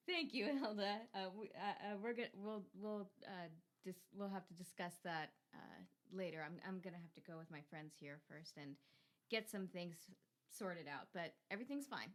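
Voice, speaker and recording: A woman voicing a gentle, humble young male hero who speaks softly and haltingly in a tabletop game. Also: fairly low pitch, lightly acted. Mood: bashful. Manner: soft, halting, many fillers.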